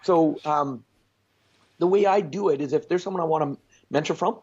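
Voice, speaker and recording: A man being interviewed as a success coach, telling stories in an animated, blunt way with mild swearing. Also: fairly high pitch, normal speed, breathy edge, lo-fi sound. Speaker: guest speaker, success coach. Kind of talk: storytelling in a conversational interview.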